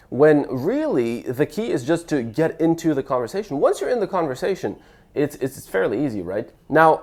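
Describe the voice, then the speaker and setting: Young man giving lively dating advice. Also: mid-range voice. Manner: lively, stammers and restarts, acts out sample lines. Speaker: dating coach. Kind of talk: casual advice talk to camera.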